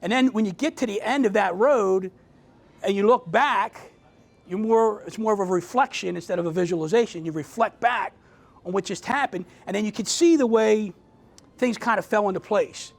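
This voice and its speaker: A man's voice: sits high, normal speed, gravelly. A middle-aged man giving a conversational motivational talk to a group as an author, asking the audience questions and often restarting his sentences.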